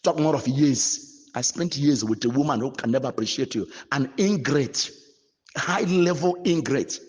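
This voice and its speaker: A man's voice: medium pitch, moderate pace, a little mellow, husky, in a large hall. A man with a Nigerian accent, a bishop, pleading and complaining with aggrieved repetition to a gathering. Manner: aggrieved, pleading, repeats himself.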